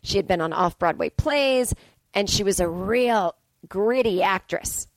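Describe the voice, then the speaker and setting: A woman in her forties hosting a podcast, telling comic stories in a profane, ranting, animated way. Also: medium pitch, unhurried, no echo. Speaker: podcast host. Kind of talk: comedic storytelling monologue. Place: Brooklyn.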